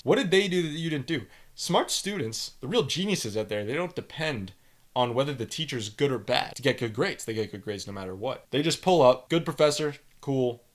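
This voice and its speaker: Blunt young Canadian man lecturing. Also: a little high. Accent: Canadian English. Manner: blunt, animated, lectures with emphasis. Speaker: podcast host reading student reviews. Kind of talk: opinionated solo commentary.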